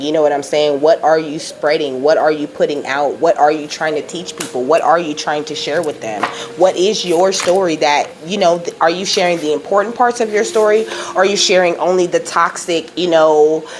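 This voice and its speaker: A woman hosting her own spiritual channel, talking casually and emotionally, filling every pause with "you know" and "okay?". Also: low voice, a little hiss or hum. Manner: rambling, says "you know" and "okay?" constantly, laughs often; emotional, close to tears at times. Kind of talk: casual spiritual vlog talk.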